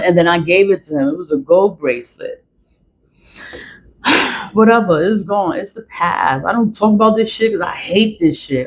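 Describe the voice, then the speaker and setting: A woman's voice: medium pitch, a little mellow, slight background noise. Blunt, profane woman venting a story. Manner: emphatic, repeats herself for stress. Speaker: vlogger. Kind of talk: casual storytelling monologue.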